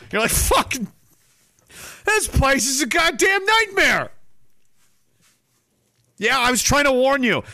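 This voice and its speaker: A man's voice: high voice, pushed and bright, no room sound, studio quality. A man hosting a podcast, ranting in a mocking, sarcastic way and swearing constantly. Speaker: podcast host. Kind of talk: profane satirical rant.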